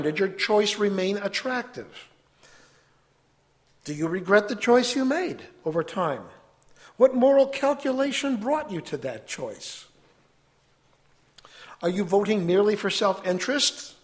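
A man giving an earnest, measured sermon to a congregation and reading scripture aloud. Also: high-pitched. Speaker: preacher.

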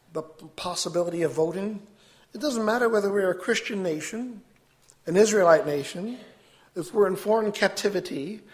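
High-voiced man preaching earnestly. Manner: earnest, measured, quotes scripture. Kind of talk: sermon.

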